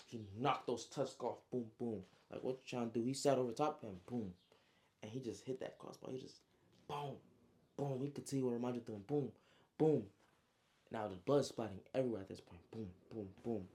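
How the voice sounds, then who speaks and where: A young man retells his own story in a loose, slang-heavy storytime style. He fills it with spoken sound effects and casual asides. His voice is mellow and dark-toned. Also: mid-range voice, moderate pace. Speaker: author recapping his story.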